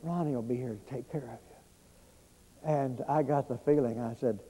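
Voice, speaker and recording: A man, preaching a storytelling sermon in a church, folksy and conversational with many pauses and fillers. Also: medium pitch, warm tone, slightly rough, in a large hall, low-quality recording. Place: church sanctuary.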